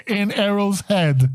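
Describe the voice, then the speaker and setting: Brief: male game master, higher-pitched, loose and laughing narration. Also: darkish tone.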